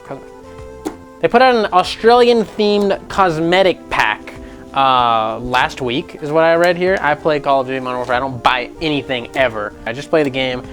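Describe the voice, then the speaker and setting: A young man hosting a casual gaming news show, animated and jokey, often slipping into mocking voices. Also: mid-range voice, normal speed, faint music behind.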